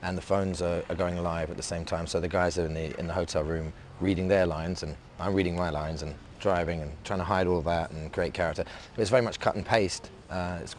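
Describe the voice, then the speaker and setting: An English man, an actor being interviewed, talking in a halting, reflective way with many restarts. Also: low voice, steady tone, a little hiss or hum. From England. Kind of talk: casual interview talk.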